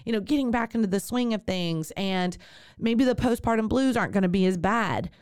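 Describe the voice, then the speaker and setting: A woman's voice: mid-range voice, a little fast, a little mellow, clean tone, no room sound, studio quality. A woman, hosting a podcast and telling a personal birth story, then giving chatty advice straight to her listeners. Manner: chatty, with fillers and direct address to listeners. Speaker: podcast host and birth worker.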